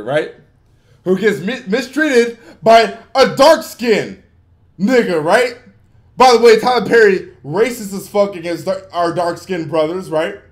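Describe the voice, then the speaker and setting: A young man hosting a livestream, ranting with lots of swearing and swinging between yelling and muttering. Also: very high voice. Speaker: livestream host. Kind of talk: unscripted livestream rant.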